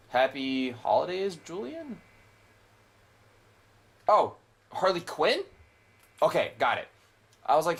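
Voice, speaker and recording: A man's voice: mid-range voice, lively intonation, measured pace, pauses often, a bit bright. A young man casually commentating a video game, rambling and opinionated, with frequent swearing. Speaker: gameplay commentator. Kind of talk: casual let's play commentary.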